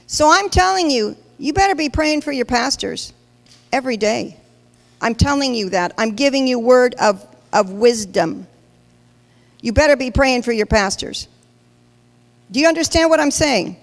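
A woman's voice: sits high, expressive, moderate pace, vocal fry, pauses often. A woman pastor preaching a sermon, emphatic and questioning the congregation directly. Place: large church hall. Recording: long hall reverb.

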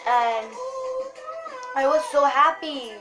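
A young woman chatting excitedly in a casual vlog, rambling with lots of fillers. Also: sits high, slow. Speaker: vlogger. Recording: music playing behind.

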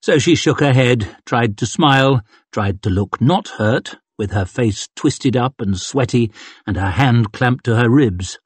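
A man narrating a fantasy audiobook in a measured, dramatic storytelling manner. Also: medium pitch, husky, no room sound. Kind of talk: scripted narration.

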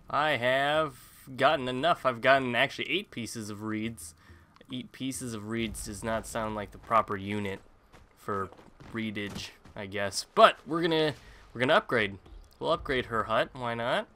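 A man's voice: medium pitch, measured pace, pushed and bright. A man casually commentating his own gameplay, rambling with jokey self-mocking asides. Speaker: gaming YouTuber. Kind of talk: casual let's-play commentary.

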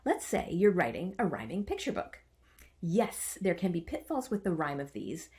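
A woman's voice: lowish voice, very animated, moderate pace, warm tone. A woman teaching a writing workshop. She chants the stressed beats aloud and adds playful, self-mocking asides. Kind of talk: online writing lesson.

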